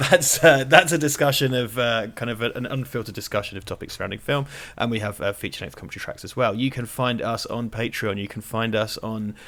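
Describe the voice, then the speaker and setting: A man's voice: medium pitch, a little fast, a bit bright. Jokey male host, casual film chat. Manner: jokey, sweary, rambling. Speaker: podcast host. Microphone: lavalier.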